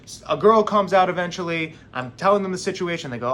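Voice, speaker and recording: Young man telling a story, slightly high voice. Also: fast, slight background noise. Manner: animated, acts out quoted voices. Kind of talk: casual storytelling to camera.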